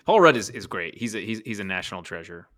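A man's voice: fairly low pitch, very animated, fast talker, a bit bright, dry recording, clean studio sound. A man in his thirties co-hosting a casual podcast, talking enthusiastically and rambling with frequent laughs. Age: 30s. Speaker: podcast co-host.

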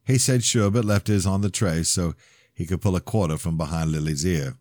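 A man reading his own novel aloud in measured first-person narration. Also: sits low, a little mellow, dry recording, studio quality. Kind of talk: audiobook narration.

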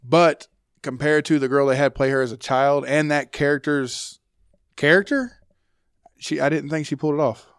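A man's voice: fairly high pitch, fairly even intonation, normal speed, fairly bright tone, smooth, no echo, studio quality. A man co-hosting a casual podcast chat about movies, often hesitant and correcting himself. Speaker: podcast co-host.

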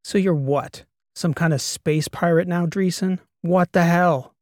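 A man's voice: high voice, steady tone, unhurried, darkish tone, no room sound, studio quality, voice pushed up. A man voicing an exasperated male historian. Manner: exasperated, demanding questions. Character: agitated male historian, blunt and incredulous.

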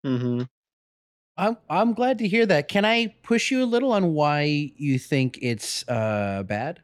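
A man's voice: fairly high pitch, sing-song, slow, clear, resonant tone, no room sound. A man hosting a podcast, asking questions and reassuring his guest in a thoughtful, hesitant way. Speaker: podcast host. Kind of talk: casual podcast chat.

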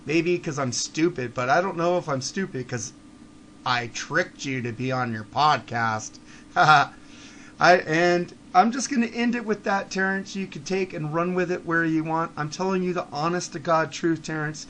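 A man with a high-pitched voice rants on his podcast, blunt and profane. He drops into low mutters, then builds to heated shouting, with faint ambient noise behind him. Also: moderate pace. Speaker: podcast host. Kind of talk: ranting monologue.

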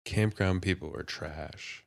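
A man's voice: deep voice, takes it slowly, gravelly, dry recording. A man co-hosting a podcast in casual chat, laid-back and making dry wisecracks. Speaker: podcast co-host.

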